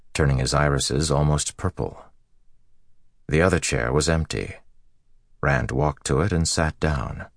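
A man narrating a fantasy audiobook in a measured, even storytelling manner. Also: a bass voice, creaky, dry recording, studio quality.

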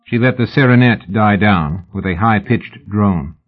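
A man reading a novel aloud in a measured, even audiobook narration. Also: on the low side. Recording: phone-like narrow band.

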